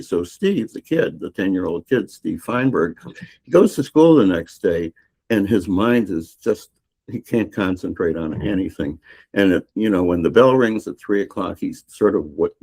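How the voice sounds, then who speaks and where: Older male author, very low voice, meandering storyteller, podcast guest. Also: darkish tone. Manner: rambling storyteller with many restarts and fillers. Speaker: novelist guest. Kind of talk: retelling a novel's plot in a podcast interview.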